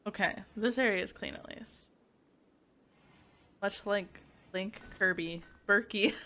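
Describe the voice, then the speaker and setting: Giggly bright-voiced woman streamer. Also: medium pitch, slow pace. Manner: giggly, laughs often, reads chat aloud. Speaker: VTuber streamer. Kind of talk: casual gameplay stream chat.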